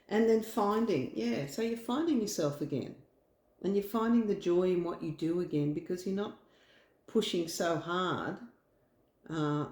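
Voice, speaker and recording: A woman's voice: lowish voice, warm tone, echoey room. Chatty Australian woman reading tarot. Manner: chatty, reassuring, rambling with fillers. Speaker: tarot reader. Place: home room.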